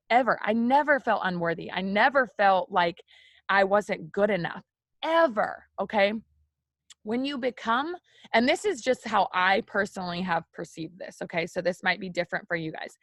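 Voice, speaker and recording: Young woman leading a heartfelt faith talk, chatty and repetitive, middle pitch, dry recording. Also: a bit bright, no echo. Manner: candid, confiding, repeats phrases, frequent "like" and "right?". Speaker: faith video host. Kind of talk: personal devotional talk to viewers.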